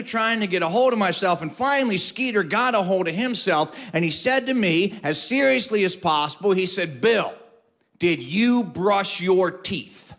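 A man telling a funny story to an audience, with wry, drawn-out comic timing. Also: sits high, fairly bright tone.

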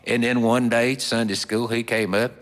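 A man telling a folksy story in a slow, drawling, homespun way with plenty of fillers. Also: mid-range voice, little pitch movement, fairly bright tone. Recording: long hall reverb.

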